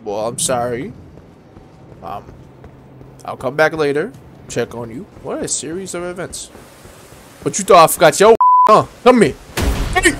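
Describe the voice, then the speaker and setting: A young man giving casual, excitable, slangy commentary while playing a game, talking straight to the enemies he fights. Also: fairly high pitch, a little slow, pauses often. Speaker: gaming video creator. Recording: voice over game music.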